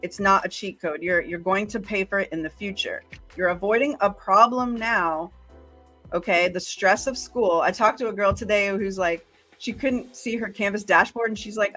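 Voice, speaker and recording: A woman's voice: medium pitch, normal speed, bright, forceful tone, soft background music. A woman co-hosting a casual college library live stream, playful and teasing. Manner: playful, laughs often, teasing.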